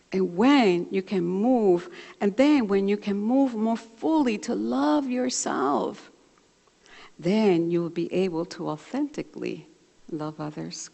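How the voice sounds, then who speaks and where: On a church livestream soaked in long reverb, a woman minister speaks in a gravelly mid-range voice. Her sermon features a warmly told personal story, and she turns animated as she performs both sides of a phone conversation in the sanctuary.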